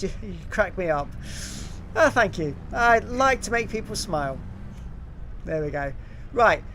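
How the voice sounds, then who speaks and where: A man's voice: sits high, a bit bright, slight background noise. A middle-aged English man chatting casually on a live stream, reading out viewer comments with frequent ums and uhs. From England.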